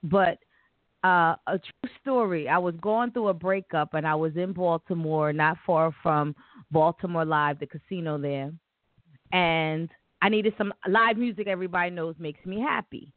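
A woman from Delaware hosting a casual interview, telling stories with excitement and animation. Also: on the low side, moderate pace, no room sound. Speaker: host. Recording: tinny phone-like line.

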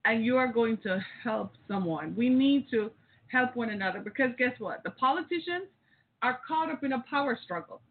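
A woman's voice: a little high, lively intonation, moderate pace. A woman hosting a talk show, delivering a rousing, preachy monologue straight to her listeners. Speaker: host. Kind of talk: impassioned call-in radio monologue. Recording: tinny phone-like audio.

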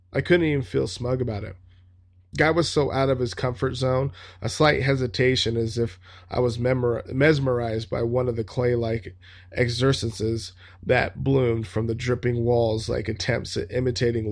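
Male reader with a gravelly, fry-laced voice reads a story aloud and drops in casual, swearing commentary. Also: medium pitch. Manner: swears freely in offhand asides.

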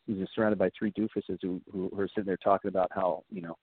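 A thoughtful man talks as a guest, measured and steady, with a few fillers. His voice sits somewhat low. The line is thin and phone-like, with a dry room. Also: husky, no room sound. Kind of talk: casual chat.

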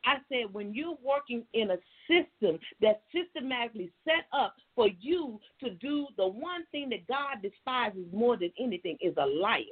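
A woman's voice: fairly high pitch, lively intonation, moderate pace, few pauses, husky. A woman life coach telling a story to her viewers in a chatty, folksy way, sliding into emphatic, preachy advice. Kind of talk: casual storytelling and faith-based advice. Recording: tinny phone-like sound.

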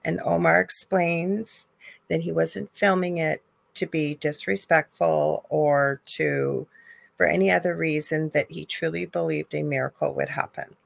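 A woman's voice: low-pitched, steady tone, unhurried, gravelly, no room sound. A woman co-hosting a live talk show, telling a story with strong emotion and animation. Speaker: co-host. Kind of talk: live call-in chat.

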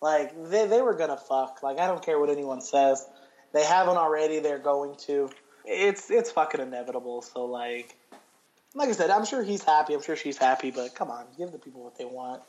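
A man's voice: on the high side, animated, normal speed, a little mellow, muffled recording. A man co-hosting a casual podcast chat, rambling and swearing with lots of restarts. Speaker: podcast co-host.

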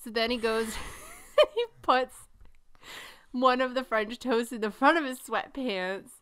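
Middle-aged woman podcast co-host, bright and smooth, laughs through her stories. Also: a little high. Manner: animated storyteller, laughs often. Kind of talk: casual chat.

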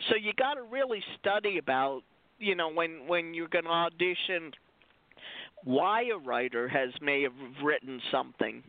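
A woman's voice: sits low, animated, moderate pace, no echo. A woman guest who is a stunt performer, telling rambling, digressive stories in a casual chat over a phone line. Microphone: phone call-in. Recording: dry, tinny phone line.

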